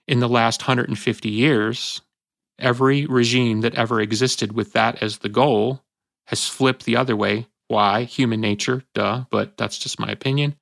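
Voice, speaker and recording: Gravelly guy hosting a podcast, acts out voices in his stories, dry close sound. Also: mid-range voice, no echo. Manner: animated storyteller, acts out voices. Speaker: podcast host. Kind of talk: casual podcast debate.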